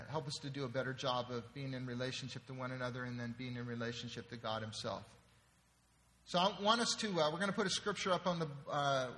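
A pastor delivers a sermon in a chatty way and keeps checking that his listeners follow. His voice is fairly high and bright, with a forceful edge. It carries a long reverb through a large sanctuary. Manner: conversational, checks in with the audience.

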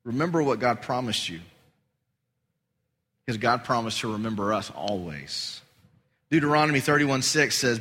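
A man preaching a sermon as pastor, animated and rising high and loud for emphasis. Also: normal speed, breathy edge. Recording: long hall reverb.

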